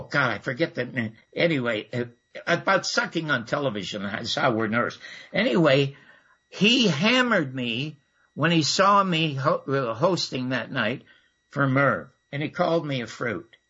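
Male radio guest, animated and husky, rambling storyteller, dull lo-fi line. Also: mid-range voice, unhurried. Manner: rambling, with fillers and lively asides. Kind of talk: casual anecdotal storytelling.

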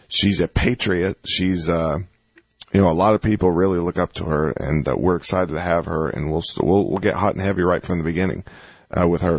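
A man hosting a talk radio show rambles casually with his co-host, restarting sentences and repeating phone numbers. His voice sits low with a breathy edge, and there's no room sound.

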